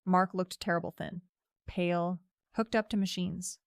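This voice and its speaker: A woman narrating a scripted first-person story in a steady, reflective way. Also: lowish voice, measured pace, creaky, dry recording, clean studio sound.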